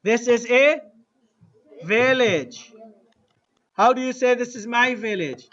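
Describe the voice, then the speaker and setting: A man teaching an Arabic lesson to a class, drilling phrases slowly and having students repeat. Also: extremely high pitch, fairly bright tone, lo-fi sound. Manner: slow, deliberate drilling with repetition to the class. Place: mosque classroom.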